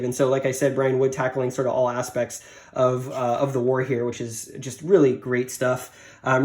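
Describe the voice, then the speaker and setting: Casting: quick male comic reviewer, casual and rambling, mid pitch. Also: darkish tone. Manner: rambling, many fillers and restarts.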